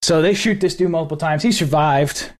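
A man co-hosting a casual political podcast, retelling a news video in an animated, profane way. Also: on the high side, brisk. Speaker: podcast co-host.

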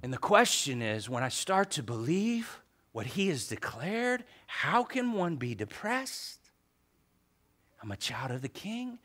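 A man's voice: a little high, sing-song, measured pace, a bit bright. A male pastor preaching a sermon in a conversational way, repeating phrases for emphasis.

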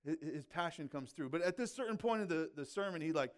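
Chatty preacher man with a higher voice. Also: animated, quick pace. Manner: chatty, filled with "like" and "right?". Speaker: pastor. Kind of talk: conversational sermon.

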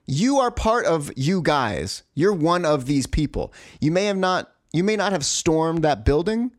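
A man's voice: on the high side, a little mellow, no echo, clean studio sound. Profane exasperated man ranting. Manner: profane, exasperated, rambling with restarts. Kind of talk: ranting monologue.

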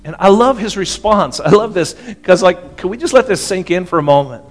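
Conversational preacher man, slightly high voice. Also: animated, fairly quick. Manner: conversational, asks the audience for agreement. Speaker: pastor. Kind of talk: sermon.

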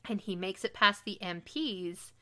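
A woman co-hosting a podcast, retelling a TV episode in casual chat with animated, quick delivery. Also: medium pitch. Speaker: podcast co-host recapping a TV episode.

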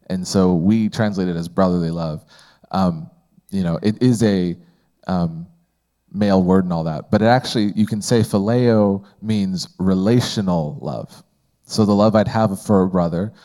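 A man's voice: sits low, dark tone. A man teaching a Bible study in a conversational way, asking the group questions and often using fillers.

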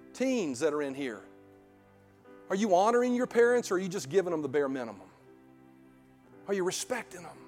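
A middle-aged male pastor preaching a sermon in a church sanctuary, emphatic, full of rhetorical questions, building to loud peaks. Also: extremely high pitch, long reverb tail.

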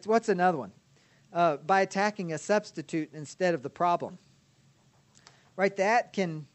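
High-voiced man teaching, chatty and amused. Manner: conversational, laughs often, checks in with "right?". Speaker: counseling instructor. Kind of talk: teaching lecture on biblical counseling.

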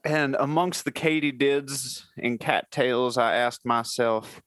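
A man co-hosting a comedy podcast in a middle-pitched voice. He rambles through improvised bits, chuckling as he goes, and the recording is dry and close with no room sound. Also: steady tone, takes it slowly, few pauses, fairly bright tone, no echo. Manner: jokey, rambling, laughs mid-sentence. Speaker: podcast co-host.

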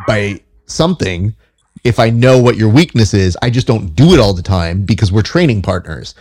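A man's voice: medium pitch, darkish tone. A man hosting a podcast, chatting casually and telling stories with a joking, self-mocking manner. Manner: joking, fast-talking storyteller. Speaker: podcast host. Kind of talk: casual chat.

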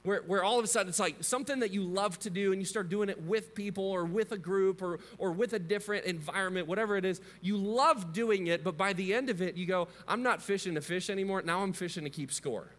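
A man's voice: sits high, fast, hardly any pauses, a bit bright, long reverb tail. A man in his thirties preaching a sermon as a pastor, conversational and story-driven, often asking his listeners questions.

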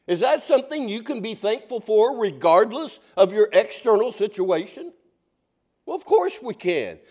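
High-voiced man preaching a folksy sermon. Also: darkish tone. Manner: folksy, asks the congregation questions. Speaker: pastor.

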